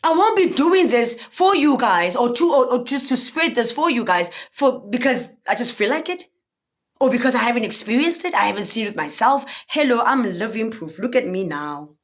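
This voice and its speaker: A young woman talks straight to her livestream viewers as a spiritual motivational speaker. Her voice sits high and swings freely, preachy and chatty. She keeps checking that her viewers understand her. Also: moderate pace. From South Africa. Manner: animated, preachy, often asks if listeners understand.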